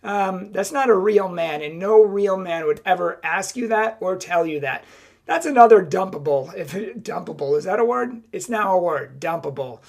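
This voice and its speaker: A woman's voice: on the low side, animated, moderate pace, creaky, darkish tone. A young woman speaking as a Catholic advice speaker, talking to camera and acting out both sides of each exchange. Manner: emphatic, acts out both sides of dialogues. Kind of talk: direct-to-camera advice talk.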